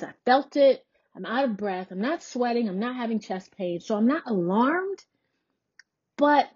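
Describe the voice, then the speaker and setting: A woman's voice: mid-range voice, dark tone, husky, no room sound, dull audio. A woman in her forties, a podcast host, telling a personal story in a candid, conversational way and acting out the dialogue she quotes. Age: 40s.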